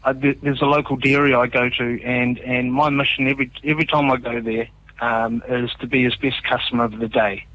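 A man's voice: medium pitch, flat delivery, brisk, phone-quality sound. A man, a musician guest chatting casually, a laid-back storyteller who laughs often and mimics people. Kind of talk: casual chat.

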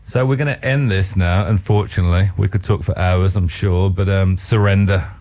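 A man hosting a radio music show, effusive and quick to call his guest mate. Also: low voice, fairly even intonation. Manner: warmly enthusiastic, says mate a lot. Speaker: radio host. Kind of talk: casual radio interview.

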